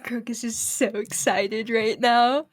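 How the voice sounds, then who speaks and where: A woman's voice: high-pitched, sing-song, slow, fairly bright tone. A woman playing a tabletop game, giggling and describing her character. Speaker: player.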